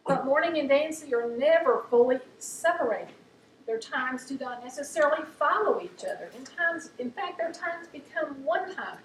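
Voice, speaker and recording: A woman giving an earnest, faith-based talk to a group, telling stories warmly. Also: sits high. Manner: warm storytelling, earnest, laughs at funny stories. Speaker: speaker at a talk on chronic illness. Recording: echoey room, mic at a distance, faint background noise.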